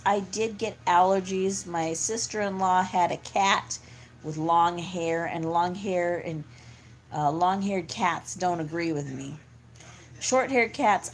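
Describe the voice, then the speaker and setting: A middle-aged woman talking in a casual, rambling monologue, full of fillers and restarts. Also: fairly low pitch. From California. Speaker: vlogger.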